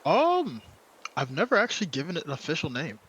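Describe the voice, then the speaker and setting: A man playing a tabletop game, speaking quickly and offhandedly about his rolls. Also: a little high, huge pitch swings, a bit bright, breathy edge, dull audio. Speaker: player. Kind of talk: casual tabletop play.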